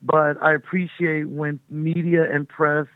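A woman's voice: sits low, flat delivery, unhurried, no echo. A woman musician interviewed over the phone, speaking effusively and gratefully. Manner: effusive and grateful, laughs often. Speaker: recording artist guest. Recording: tinny phone line.

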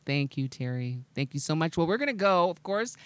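Upbeat woman radio host, smooth voice. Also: low voice, big pitch swings, a little fast, no echo. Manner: upbeat, promotional, laughs easily. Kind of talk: radio interview.

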